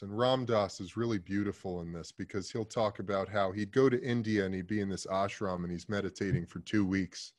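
A man in his thirties, a podcast guest, telling a story in a loose, profane way and swinging from hushed asides to loud emphasis. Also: medium pitch. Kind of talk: casual interview storytelling.

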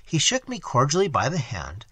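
A man narrates a classic story with a bright, forceful tone and a slightly husky edge. His pitch rises and falls widely as he reads in a measured, expressive way. The recording is dry and close. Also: dry recording. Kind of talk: audiobook reading of a classic story.

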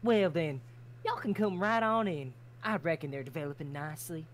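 A woman voicing a brash, house-proud bird-woman farmer with a folksy Southern drawl who scolds quickly. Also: low voice, a little hiss or hum, lightly acted. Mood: friendly. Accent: American Southern.

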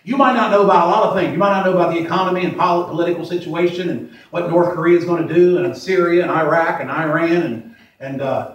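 A man in his forties preaching a sermon as pastor, plain-spoken, repeating himself and slowing down to stress verses. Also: on the high side, fairly even intonation, lo-fi sound. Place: church sanctuary. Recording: echoey church from far off.

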